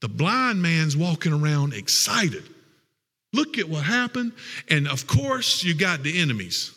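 Folksy preacher with a bright voice. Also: male voice, on the high side, very animated, a little slow, in a large hall. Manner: folksy, emotional, conversational. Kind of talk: sermon.

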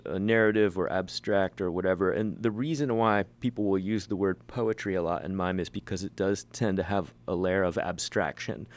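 A man, a mime performer and teacher, chatting as an interview guest in a rambling, self-mocking way with many restarts. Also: low-pitched. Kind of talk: casual interview chat.

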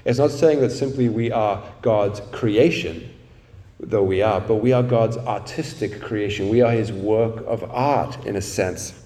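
A man preaching in a mellow, relaxed voice, easing into a story with many "uh"s and "like"s. He sounds a bit far from the microphone, like a preacher at an evening church meeting. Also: lowish voice, a little slow, echoey room. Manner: relaxed storytelling, frequent fillers. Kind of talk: sermon. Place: meeting room at an evening gathering.

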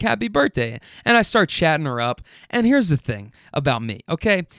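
A male podcast host telling a casual story about a rideshare fare, full of restarts and swearing. His voice is smooth and clear, a touch higher than usual, and recorded dry and close. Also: fairly bright tone, no room sound. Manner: rambling, profane, many restarts.

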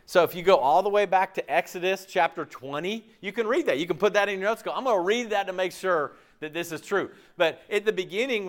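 A man preaching with a fairly high voice. He keeps it casual and conversational, cracking jokes. He often turns to the congregation with questions. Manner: lively, conversational, joking with the congregation; asks the audience frequent questions. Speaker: pastor. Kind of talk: sermon.

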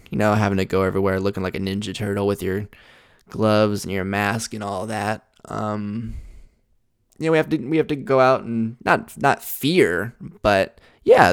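Young male podcast host, blunt, self-deprecating storyteller, slightly low, resonant, dry close mic. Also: smooth, no echo. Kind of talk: casual storytelling monologue.

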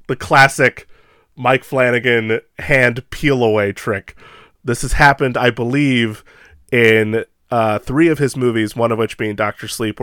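A man co-hosting a casual film podcast, talking excitedly, with lots of laughs and fillers. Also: medium pitch, clear, resonant tone, no room sound, clean studio sound. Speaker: podcast co-host. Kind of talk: casual chat about a film.

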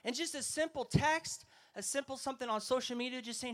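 A man's voice: extremely high pitch, fairly quick, fairly bright tone. A man preaching an emphatic sermon, telling stories and rousing his listeners. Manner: emphatic, rousing, storytelling delivery. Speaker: evangelist preacher. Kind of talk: festival sermon.

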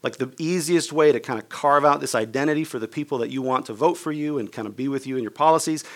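A man's voice: medium pitch, fast. A man preaching a sermon, telling a personal story in a casual, conversational way and acting out the people in it. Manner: conversational, many "like" and "right?" asides. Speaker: pastor.

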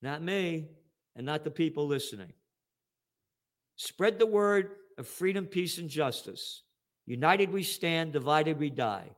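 A man's voice: on the high side, lively intonation, measured pace. Blunt profane older New man. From New York, USA. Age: 70s. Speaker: host. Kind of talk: ranting commentary.

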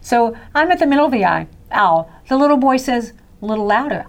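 A woman, a guest in a faith talk, telling her own story in a lively, chatty way with frequent laughter. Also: high voice, fast, hardly any pauses. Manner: animated storyteller, laughs often, acts out voices. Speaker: guest sharing a faith testimony. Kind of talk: casual storytelling chat.

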